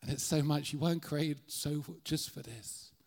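A man's voice: a little high, moderate pace, a little mellow. Irish guy preaching in a church, middle aged, earnest, keeps restarting his sentences. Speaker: guest preacher. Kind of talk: sermon.

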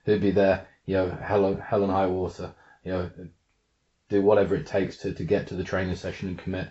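A man's voice: low voice, completely flat delivery, brisk, mellow. A man who works as a coach, thoughtfully explaining his approach in an interview, repeating words as he thinks. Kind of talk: reflective interview answer. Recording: dull lo-fi sound.

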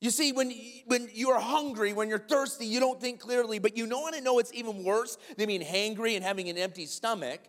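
Man preaching, high voice, emphatic, repeats key lines, long church reverb. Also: a little fast, hardly any pauses. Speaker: pastor. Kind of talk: sermon. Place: large church sanctuary.

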